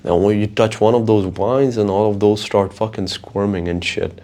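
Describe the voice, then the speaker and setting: A man's voice: lowish voice, normal speed, few pauses. A man hosting a podcast, talking casually on his own in a profane, rambling way. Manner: profane, rambling, animated storytelling. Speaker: podcast host. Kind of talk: casual solo monologue.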